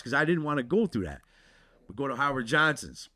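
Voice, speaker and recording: Medium in pitch and a little fast, a podcast host launches into a wild story in casual, profane chat. He stays animated and keeps dropping "dude" again and again.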